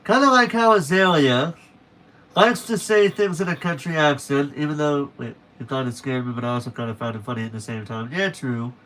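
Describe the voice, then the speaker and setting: A man's voice: a little high, fairly quick, fairly bright tone. A young man chatting casually to viewers on a late-night stream, rambling and correcting himself as he goes.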